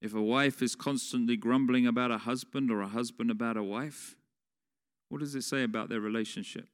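A man's voice: medium pitch, steady tone, brisk, clean tone. A man preaching a sermon in a conversational way, putting questions to the congregation. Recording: long reverb of a large hall.

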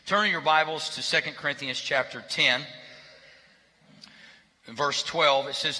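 Male pastor, sermon, chatty with jokes, slightly high, echoing church hall. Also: fairly even intonation, a little slow, long pauses, pushed and bright. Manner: conversational, joking asides. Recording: reverberant hall.

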